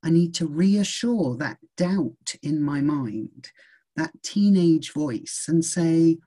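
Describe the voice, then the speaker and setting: A woman in her fifties giving a gentle, reassuring motivational talk in a measured way. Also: low-pitched, animated, slightly rough. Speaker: speaker on self-confidence.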